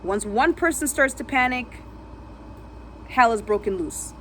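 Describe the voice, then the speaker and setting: A woman vlogger telling a dramatic personal story vividly, re-enacting sounds and dropping to a hush at tense moments. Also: fairly high pitch, lively intonation, a little slow, a little hiss or hum.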